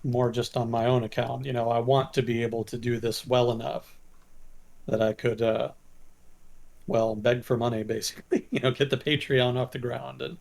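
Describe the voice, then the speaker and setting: A man's voice: mid-range voice, flat delivery, moderate pace, vocal fry, darkish tone. A man speaking as a guest in a casual chat, hesitant and self-deprecating. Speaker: guest commentator on news and history.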